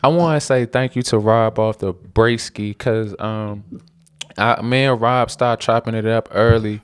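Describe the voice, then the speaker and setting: A man speaking as a podcast guest in a low, smooth, resonant voice. He gushes with heartfelt praise, loose and full of slang. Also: fairly even intonation, a little slow. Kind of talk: casual podcast interview.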